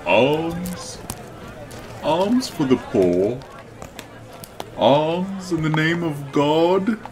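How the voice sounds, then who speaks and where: An actor playing a hungry beggar outside a church in an audio drama, pleading for coins. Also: male voice, medium pitch, background noise. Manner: pleading, begging.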